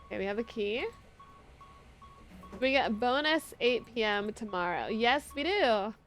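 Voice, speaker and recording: A woman's voice: a little high, expressive, a little slow, fairly bright tone, soft background music. A young woman streamer commentating a horror game live, easily startled, swearing and talking to chat. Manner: jumpy, swears, talks to chat.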